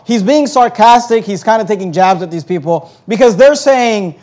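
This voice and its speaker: A man's voice: high-pitched, normal speed, darkish tone. A man preaching a conversational Bible-teaching sermon, explaining verses with plenty of fillers and restarts.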